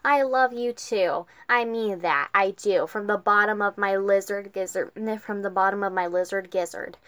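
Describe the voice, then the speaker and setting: A woman reading the lines of a male alien lizard comedian with a hokey stand-up act, halting and stumbling over the words. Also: medium pitch, fairly bright tone, dry recording, lightly acted. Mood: joking. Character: cheesy alien lizard comic in costume, male.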